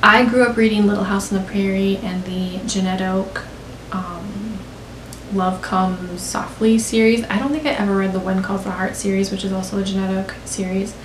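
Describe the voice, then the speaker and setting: In a casual chat, a young woman from the United States gushes about beauty topics, saying "like" constantly. Her medium-pitched voice moves little in pitch and keeps a moderate pace, and the audio is roomy with a faint hiss.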